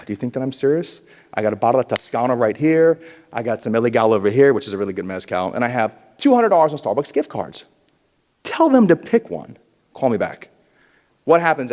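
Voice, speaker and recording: Guy pumping up a conference crowd, voice bouncing all over, big echoey hall. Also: mid-range voice. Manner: animated, punchy, with audience call-and-response. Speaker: keynote speaker at a realtors conference. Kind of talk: motivational conference speech. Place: large conference hall, indoors.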